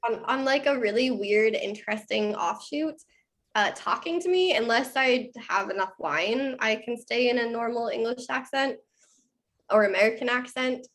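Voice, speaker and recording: A woman's voice: on the high side, normal speed, fairly bright tone. A woman, a podcast host and dog trainer, chatting in a light, self-deprecating way. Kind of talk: casual podcast chat.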